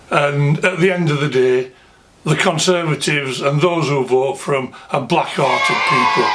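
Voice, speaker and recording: A man's voice: a little high, a bit bright, slight background noise. Angry Yorkshire man ranting. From England. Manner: angry, indignant, scornful. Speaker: vlogger. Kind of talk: political rant to camera.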